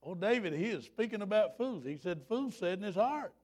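A man in his fifties preaching a fervent, folksy revival sermon, rising at times to shouts. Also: high voice, lively intonation, a little fast.

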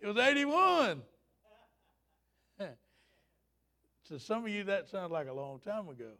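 A high-pitched man in his fifties preaches with folksy fervor. His voice swoops widely, and at its peaks he breaks into shouts. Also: big pitch swings, slow pace. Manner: fervent, folksy, rising to shouts. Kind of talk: revival sermon.

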